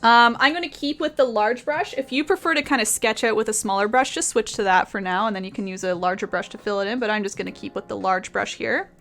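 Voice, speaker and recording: A woman's voice: medium pitch, fast talker, few pauses, a bit bright, faint music behind. A woman teaching painting on a live stream, chatty and laughing often as she answers her chat.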